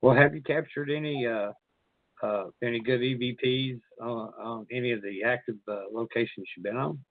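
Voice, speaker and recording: A male host asks questions in a halting way, pausing on fillers. His mid-pitched voice sounds dry and close, squeezed into the thin band of a phone line. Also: no echo.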